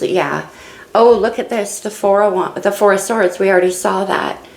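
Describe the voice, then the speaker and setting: A woman's voice: on the low side, creaky, echoey room, slight background noise, low-quality recording. A woman doing a casual tarot reading, musing and thinking aloud as she turns each card. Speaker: tarot reader.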